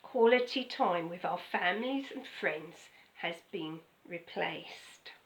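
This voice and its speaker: A woman's voice: on the low side, animated, slow, low-quality recording. An older woman pastor, giving a chatty, conversational sermon with frequent "okay?" asides. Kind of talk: casual sermon.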